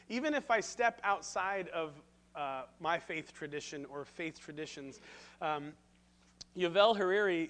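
Male pastor, high-pitched, animated sermon storyteller with a self-deprecating streak.

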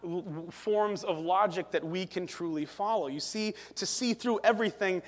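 Emphatic, high-voiced male pastor; sermon in a reverberant church. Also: moderate pace. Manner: animated and emphatic, repeats "listen" and "right?".

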